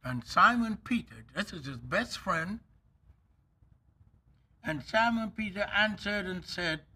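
A man preaching a sermon as an elder, emphatic and drawn out, with sudden loud bursts. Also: high-pitched, lively intonation, slow pace, long pauses.

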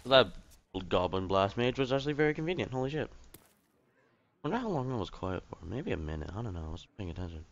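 A man's voice: medium pitch, big pitch swings, fast talker, lo-fi sound. A young man streaming a card game, commenting to himself in a frustrated, swearing, muttering way. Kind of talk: live gameplay commentary. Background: game music.

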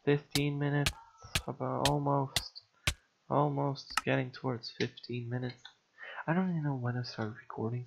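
A man's voice: mid-range voice, fairly even intonation, moderate pace, vocal fry, dull audio, noisy background. A man giving casual gameplay commentary, frustrated and sighing, mocking himself as he mutters along. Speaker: gamer.

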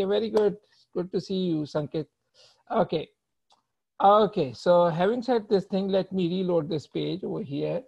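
The recording is muffled and lo-fi, carrying a high-pitched, creaky, husky man's voice with a darkish tone. He's teaching a live coding lecture, patiently explaining while typing, checking in with students, and often closing phrases with "right?".

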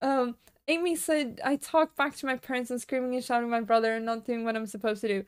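A woman's voice: on the high side, fairly even intonation, fast, clean tone, dry recording, studio quality. A woman streamer in casual live-stream chat, chatty and giggly, laughing often as she rambles and answers her viewers.

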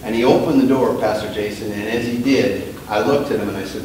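A man's voice: lowish voice, fairly even intonation, a little hiss or hum. Man preaching in an echoey sanctuary. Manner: emphatic preaching with call-and-response to the congregation; swings from quiet storytelling to loud, drawn-out emphasis. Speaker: pastor. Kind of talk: sermon. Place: church sanctuary. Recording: echoey church sanctuary, mic at a distance.

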